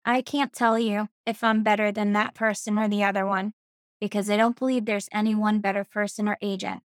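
A woman real estate agent giving an earnest, steady practice sales pitch. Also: a little fast, clear, resonant tone, no echo, clean studio sound.

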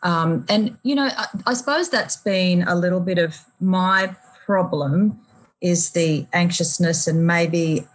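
Husky-voiced Australian woman radio host. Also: fairly low pitch, unhurried, poor audio. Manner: reflective, with many fillers and restarts. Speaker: radio host being interviewed. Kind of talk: conversational interview.

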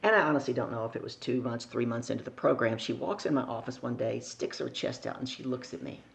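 A middle-aged woman telling lively stories as a sales coach on a podcast, asking her listeners questions along the way. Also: rumbling low, quick pace, gravelly. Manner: animated storyteller who acts out voices and asks the listener questions. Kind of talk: storytelling in a podcast interview.

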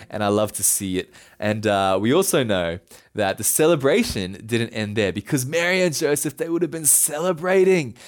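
A man preaching a sermon as a pastor, telling the story in a casual, playful way. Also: on the high side.

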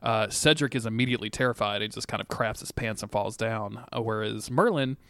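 A man's voice: on the low side, a little fast, no echo. A man co-hosting a casual podcast, recapping an episode in a rambling way, laughing as he tells it. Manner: rambling, laughs while telling, bursts into animated put-on quotes. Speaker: podcast co-host.

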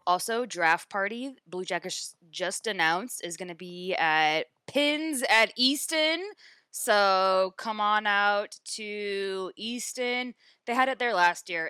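A woman's voice: medium pitch, bright, forceful tone, clean tone, no room sound. A woman on a sports panel show, talking casually in an upbeat, inviting way. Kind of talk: casual chat.

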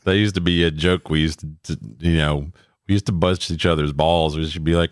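A man's voice: a bass voice, fairly even intonation, brisk, no echo. A middle-aged man, co-host of a podcast, telling stories in a blunt, profane, casual way. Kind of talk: casual chat.

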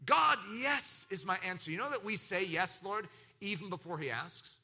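A man preaching a sermon, swinging between loud exclaiming and hushed lines, with acted laughter and quoted voices. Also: high-pitched, lively intonation, normal speed. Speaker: pastor.

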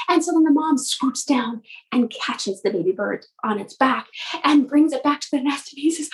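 A woman coach telling a motivational story in an animated way, often repeating her words. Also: high-pitched, a little fast, poor audio.

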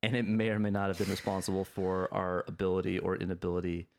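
Male podcast host, somewhat low voice, casual and rambling with many fillers. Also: monotone, fast, creaky, darkish tone, a little hiss or hum. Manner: rambling, lots of restarts and fillers. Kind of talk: casual chat.

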